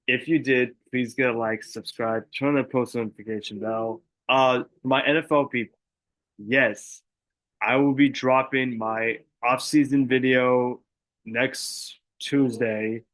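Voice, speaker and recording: A man's voice: medium pitch, fairly bright tone. A young man hosts a casual sports podcast alone, running through his picks. He rambles a little, leaning on fillers and fixing his words mid-sentence, with an ordinary mid-range voice. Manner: chatty, many fillers and self-corrections. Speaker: podcast host.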